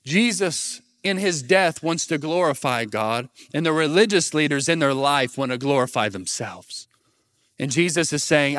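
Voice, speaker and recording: A man's voice: on the high side, animated, normal speed, a bit bright, no room sound, studio quality. A young man preaching a sermon and asking the crowd to repeat words back. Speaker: pastor.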